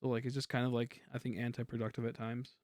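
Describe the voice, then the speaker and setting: A young man chatting casually on a game stream, quiet and rambling, humming between thoughts. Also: medium pitch, level tone, quick pace, no echo, clean studio sound. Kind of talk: casual livestream chat while gaming.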